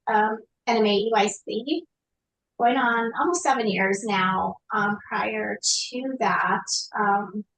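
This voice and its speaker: A woman's voice: mid-range voice, slow, a bit bright, poor audio. A woman speaking as a guest on a podcast, an association director, explaining her background in a conversational way with frequent ums.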